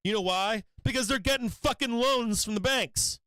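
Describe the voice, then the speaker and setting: A man's voice: extremely high pitch, moderate pace, bright, forceful tone, clean tone, no room sound. A man hosting a stock market live stream, giving heated, profane commentary in an emphatic, fired-up way.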